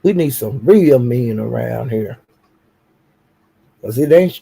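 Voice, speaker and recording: Gravelly man hurling slow taunts. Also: mid-range voice, lively intonation, mellow. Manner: profane, taunting insults, slow drawn-out jabs. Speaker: live streamer. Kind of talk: heated live-stream rant.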